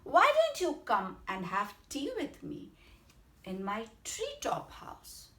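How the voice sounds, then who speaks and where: A woman's voice: on the high side, wildly swooping pitch, takes it slowly, pushed and bright, voice pushed up, heavily acted. A woman with an Indian English accent voicing a hungry, scheming owl in a children's story, sweetly inviting. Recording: roomy echo.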